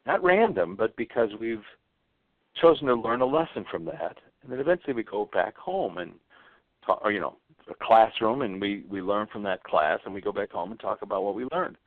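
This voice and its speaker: A man guesting on an interview show, telling stories with lively delivery and acting out the dialogue he quotes. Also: fairly low pitch, no echo. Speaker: author guest. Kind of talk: animated storytelling on an interview show. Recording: tinny phone line, dry.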